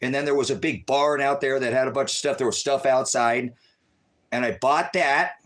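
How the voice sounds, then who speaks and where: Man, live-stream rant, stressed, rambling, jumps between loud and quiet. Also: mid-range voice, normal speed. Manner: rambling, stressed, swings between shouting and muttering.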